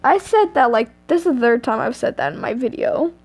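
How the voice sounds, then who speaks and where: A woman's voice: sits high, expressive, brisk, breathy edge. A teenage girl reading fanfiction aloud at home on an earphone mic, chatty and giggly, with self-mocking asides.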